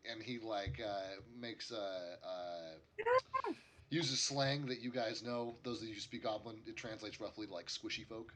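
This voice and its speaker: A man's voice: on the low side, very animated, unhurried, sharp tone, a little hiss or hum. A man narrating as game master of a tabletop game, rambling and correcting himself as he goes.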